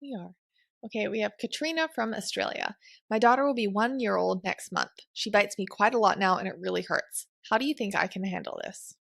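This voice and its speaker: Young woman with a gravelly, fry-edged voice. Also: mid-range voice, a little fast, fairly bright tone, no room sound, studio quality. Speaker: co-host reading listener questions. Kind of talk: reading questions, casual chat.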